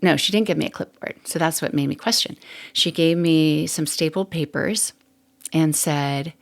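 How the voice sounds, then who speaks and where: Casting: middle-aged woman podcast host with a low, gravelly voice, chatty and open. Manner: chatty and candid, laughs often, rambling asides. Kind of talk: casual solo podcast monologue.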